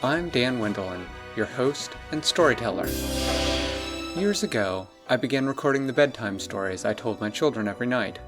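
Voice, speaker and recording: A man hosting and narrating bedtime stories for children in a gentle, unhurried way. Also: mid-range voice, lively intonation, over loud music. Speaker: host and storyteller.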